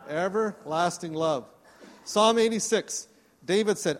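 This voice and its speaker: A pastor with a high-pitched voice preaches to his congregation at a church service, speaking at a measured pace. He is earnest and invites them to respond. The recording carries the long reverb of a church hall.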